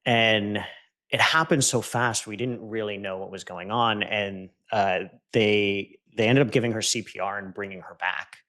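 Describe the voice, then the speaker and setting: A man with a somewhat low voice tells a deeply personal story as a podcast guest. He speaks with earnest intensity and sinks to a hushed, low tone whenever he repeats words that were spoken to him. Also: fairly even intonation, normal speed. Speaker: podcast guest, entrepreneur and coach. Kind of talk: emotional personal storytelling in conversation.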